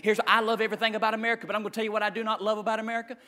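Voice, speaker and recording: Male pastor, very high and cutting tone, impassioned sermon delivery with loud peaks and quiet asides. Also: level tone, very fast. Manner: impassioned preaching, swings from shouting to hushed asides.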